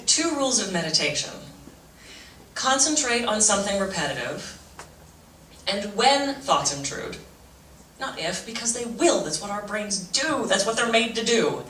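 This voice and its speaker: A middle-aged woman telling funny stories at a fundraising breakfast, later leading a slow, gentle meditation. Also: mid-range voice, a little hiss or hum. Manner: animated, jokey storytelling with self-mocking asides; shifts to slow, soft guided-meditation voice. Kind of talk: motivational talk on stress with humor. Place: large event room. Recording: echoey room, voice from a distance.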